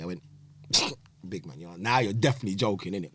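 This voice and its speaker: Fast-talking husky man. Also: low voice. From England. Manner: animated, acts out quoted voices, London slang. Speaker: podcast guest, footballer. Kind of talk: casual storytelling.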